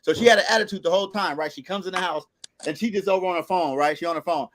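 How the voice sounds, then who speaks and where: Podcast host, man, high voice, quick delivery, animated storyteller who swears freely.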